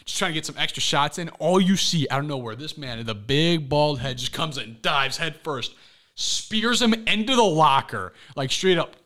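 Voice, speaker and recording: A young man hosts a podcast in casual chat. His voice is bright and forceful, and he tells stories with animated, excitable energy. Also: on the high side, normal speed. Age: young adult. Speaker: podcast host.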